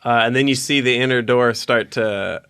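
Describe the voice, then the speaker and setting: A man's voice: medium pitch, steady tone, normal speed, fairly bright tone, clear, resonant tone. A man narrating a tabletop game as dungeon master, rambling with lots of fillers. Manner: rambling, many fillers and restarts.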